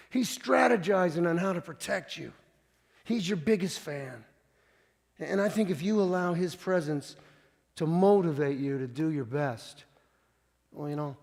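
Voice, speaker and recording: A man's voice: a little high, a little mellow. A man preaching a sermon as pastor, telling stories in a conversational way with frequent restarts. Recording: long reverb of a church hall.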